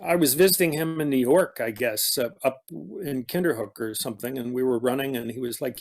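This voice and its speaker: A middle-aged man, an actor guest in a casual conversation, telling stories in a halting, rambling way full of restarts. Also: medium pitch, animated, vocal fry.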